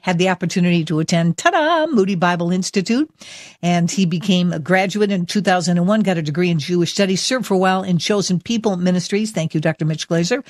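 A woman's voice: on the low side, a little mellow, no room sound. Woman talk show host, emphatic, enthusiastic, dry close mic. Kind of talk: talk radio monologue and interview.

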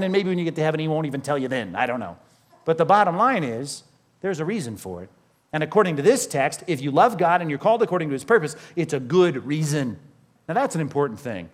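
Man, pastor, sermon, slightly high voice, conversational, asks the listeners questions. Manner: conversational preaching, slows down to stress scripture, asks the congregation questions.

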